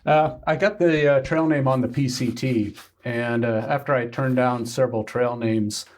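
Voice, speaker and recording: A man from Kansas, a guest on a podcast, telling stories in a halting way with many pauses and fillers. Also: medium pitch, fairly even intonation. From Kansas, United States. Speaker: guest hiker. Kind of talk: casual interview.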